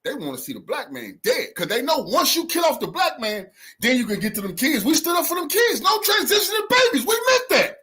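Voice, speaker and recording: A man hosting a livestream who reacts to clips in heated, profane commentary and preaches to his viewers. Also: fairly quick. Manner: animated, profane, preachy, with swooping pitch.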